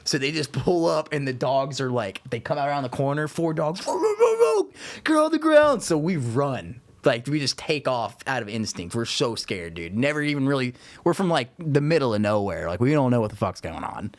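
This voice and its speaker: A man's voice: medium pitch, animated, fairly quick, few pauses, no echo. A man co-hosting a podcast, telling a rambling story in a laid-back, swearing way full of "dude" and "like". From Florida Panhandle. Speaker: podcast co-host. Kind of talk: casual storytelling chat.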